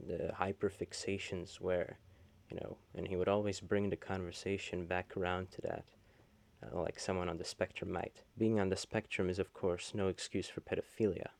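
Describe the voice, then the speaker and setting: A man narrating a commentary video, explaining in a halting way full of fillers like "you know" and "uh". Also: low-pitched, creaky, a little mellow. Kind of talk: reading out a chat log with commentary.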